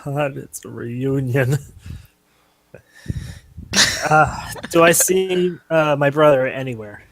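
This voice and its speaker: Man, tabletop player, slow, laid-back, dry sound. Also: mid-range voice, dry recording. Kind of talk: casual tabletop role-play.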